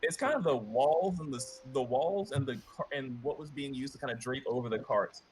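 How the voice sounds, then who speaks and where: A man narrates a tabletop game as game master, pausing often on ums and kindas while he describes the scene. His voice sits at an ordinary pitch for a man. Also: darkish tone, slight background noise. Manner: hesitant, many ums and kindas.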